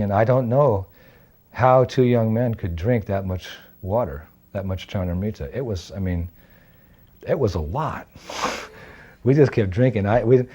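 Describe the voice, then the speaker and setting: An older man with a warm, mid-range voice reflectively shares personal devotional memories, storytelling memoir-style and laughing now and then.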